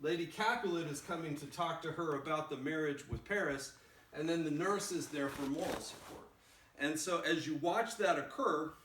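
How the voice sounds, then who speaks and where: A man teaching a play in a casual, animated way, recorded in a roomy space with the mic far off. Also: on the high side, a little hiss or hum. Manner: casual and animated, acts out lines. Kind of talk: explaining a play scene.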